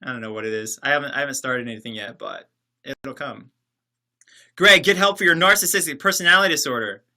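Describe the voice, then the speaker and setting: Sarcastic man with a sharp, bright voice. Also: medium pitch, quick pace. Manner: sarcastic, joking, rambling. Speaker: livestream host reading chat. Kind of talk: casual livestream chat. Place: separate building, alone.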